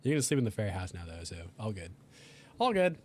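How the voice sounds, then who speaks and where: A young man giving casual, animated commentary while playing a life-sim game, talking to his characters and voicing their reactions. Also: low voice, racing, a little hiss or hum. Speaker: gaming video creator.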